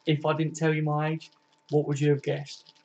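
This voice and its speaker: A man's voice: on the high side, monotone, moderate pace, a little mellow, a little hiss or hum. A man, chatting casually on a live stream. He reads out viewers' comments and answers them by name, swearing freely in a laid-back, matey way. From Kent, England. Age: 20s. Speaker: football fan live streamer. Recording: dull lo-fi stream audio.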